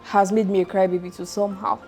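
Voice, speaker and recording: A woman's voice: medium pitch, flat delivery, quick pace, a little mellow, faint music behind. A young woman with a Nigerian accent hosting a casual interview, playful and teasing as she asks her questions. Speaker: podcast host.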